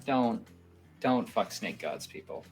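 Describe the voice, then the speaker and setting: A woman's voice: extremely low pitch, animated, slow, soft background music. A woman game master hosting a stream outro, dry and teasing.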